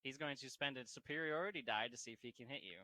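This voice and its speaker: A man's voice: medium pitch, fast talker, sharp tone, no room sound. A man narrating a tabletop game as game master, casual and laughing, swearing now and then.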